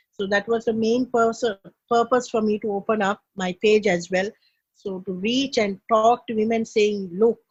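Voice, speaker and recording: A woman in her thirties, a podcast guest, tells a painful personal story in an earnest, emotional, halting way, full of fillers. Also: mid-range voice, breathy edge. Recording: echoey room, dull lo-fi sound.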